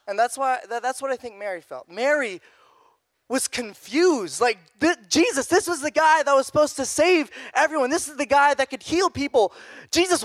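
A young man preaching a youth sermon in a casual, animated way, repeating phrases. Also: extremely high pitch, no room sound. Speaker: youth pastor.

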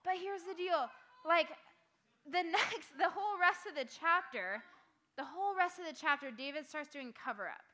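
A young woman giving a casual youth-group sermon, excitable and full of "like" fillers, moving between loud outbursts and hushed earnest talk. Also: very high-pitched, moderate pace.

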